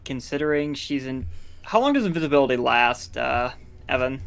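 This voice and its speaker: A man's voice: medium pitch, expressive, normal speed, gravelly, a bit bright, clean tone. A man playing a tabletop game who thinks aloud and asks the game master questions. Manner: thoughtful, questioning.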